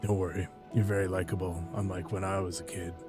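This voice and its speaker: A man's voice: level tone, quick pace, faint music behind, natural voice. A man voicing a grim, weary adult warrior hero who speaks curtly and dryly. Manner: low, quiet, dry and curt.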